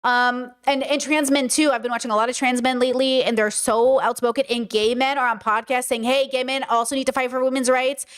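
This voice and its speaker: A woman's voice: sits high, steady tone, brisk, few pauses, a bit bright, clean tone. A young adult woman streamer giving casual, emphatic commentary, repeating her points and swearing freely. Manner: emphatic and repetitive, frequent "like" and swearing. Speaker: streamer and podcast host.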